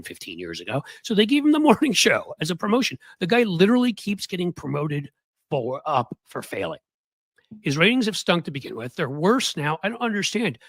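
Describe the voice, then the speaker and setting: A man hosting his own show, ranting about cable news hosts in sarcastic, heated political commentary with a husky voice. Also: a bit bright, no room sound. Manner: sarcastic, heated, swinging pitch.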